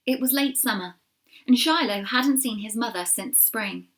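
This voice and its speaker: A woman reading a children's storybook aloud, expressive, with small slips and asides to her listeners. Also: fairly high pitch, moderate pace. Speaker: reader.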